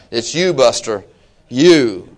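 A preacher delivers a sermon emphatically and expressively at a very slow pace, swinging between low asides and shouted exhortation. He reads scripture aloud and acts out the excuses of his listeners.

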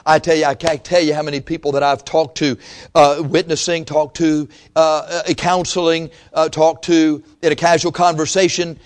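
A man's voice: on the high side, level tone, normal speed. A male pastor preaching a sermon in a conversational way, with frequent restarts and quotes he acts out.

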